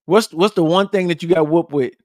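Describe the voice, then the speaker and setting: A man hosting a podcast, chatting casually with his viewers in a blunt, profane, animated way and repeating his points for emphasis. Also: a little high, fairly quick, no room sound, studio quality. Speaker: podcast host. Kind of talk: casual livestream chat with viewers.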